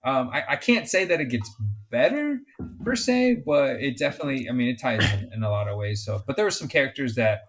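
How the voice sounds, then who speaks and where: A man co-hosting a podcast in casual chat, excitable and swearing freely, often getting loud. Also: mid-range voice, fairly quick. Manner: excitable, swears a lot, gets loud and animated. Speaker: podcast co-host.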